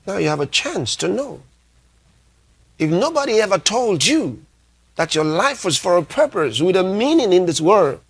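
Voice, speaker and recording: A man's voice: high voice, very animated, creaky, husky. A man preaching a sermon as a pastor, delivering emphatic lines, repeating key phrases and reading scripture aloud. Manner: reads scripture aloud slowly.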